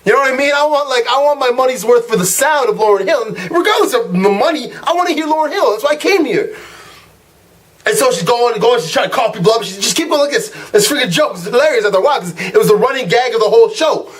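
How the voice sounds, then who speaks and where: Here the young vlog host's pitch is extremely high, and he speaks fast with hardly any pauses. Ranting casually to camera, he tells an animated story, acts out what people said, and often stumbles into fillers and restarts.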